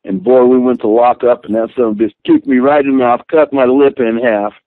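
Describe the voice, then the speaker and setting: An older man, a guest and former wrestler, telling rambling, animated stories with many restarts. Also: medium pitch, a little fast, no echo. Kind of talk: storytelling interview. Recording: tinny phone line.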